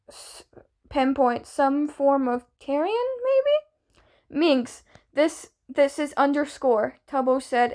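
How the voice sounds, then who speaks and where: A young woman reading a fanfiction story aloud in a casual way, often stumbling and restarting words. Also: high-pitched. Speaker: fanfiction reader.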